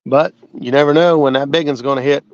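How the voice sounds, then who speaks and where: A man's voice: medium pitch, fairly even intonation, brisk, dry recording, lo-fi sound. A man hosting a fishing channel, chatting in an easygoing, folksy and hospitable way. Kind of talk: casual chat on a fishing livestream.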